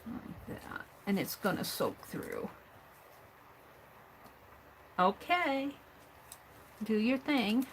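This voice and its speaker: A woman's voice: fairly high pitch, sing-song, slow pace, slight background noise, low-quality recording. A woman hosting a live craft stream, thinking aloud as she works, trailing off and murmuring under her breath. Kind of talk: live craft stream, talking while working.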